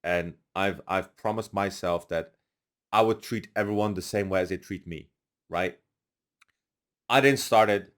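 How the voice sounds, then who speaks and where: Low-pitched and a little slow, this young man pauses often while talking as a guest on a podcast. He's a lively, casual storyteller who loudly voices what other people said.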